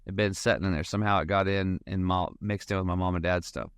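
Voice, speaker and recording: A man's voice: low voice, fairly even intonation, fast, clean tone, dry recording, studio quality. A man, a financial advisor guest, chatting casually in a rambling storytelling way and acting out bits of dialogue. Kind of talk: casual podcast conversation.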